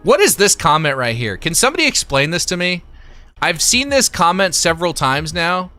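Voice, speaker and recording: A man's voice: fairly high pitch, big pitch swings, moderate pace, bright, forceful tone, faint music behind. A man hosting a casual livestream, reading out viewer comments and chatting loosely with his chat, swearing now and then. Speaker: livestream host.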